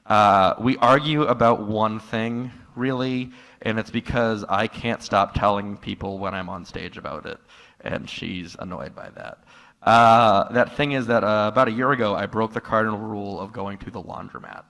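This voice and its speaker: A man doing a stand-up comedy set in a live room, telling stories in a dry tone that jumps into loud, exasperated outbursts. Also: lowish voice, normal speed. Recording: live room with long hall reverb.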